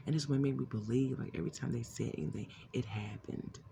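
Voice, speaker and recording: A woman's voice: extremely low pitch, fast, gravelly, background noise. A woman telling an emotional personal testimony in a rambling way, restarting often and acting out what others said. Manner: rambling, restarts often, acts out quoted voices. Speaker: vlogger sharing a testimony.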